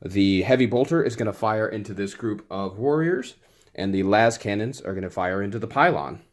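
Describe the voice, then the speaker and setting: A man's voice: fairly low pitch, animated, moderate pace. A man playing a tabletop wargame, narrating his dice rolls in a casual, playfully exasperated way, with little sound effects as he rolls. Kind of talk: casual play-by-play of a tabletop game.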